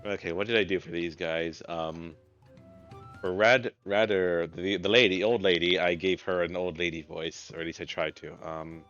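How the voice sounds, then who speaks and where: A man's voice: deep voice, steady tone, moderate pace, a bit bright, highs cut off, faint music behind. A man hosting a let's play, chatting casually and thinking aloud as he plays. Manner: thinks aloud, self-correcting. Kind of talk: casual game commentary.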